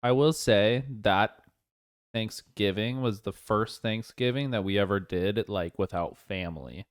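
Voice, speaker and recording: A man's voice: lowish voice, unhurried, smooth, no echo, clean studio sound. Rambling young man on a podcast. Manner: rambling, jumps between thoughts. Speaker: podcast co-host. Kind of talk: casual chat.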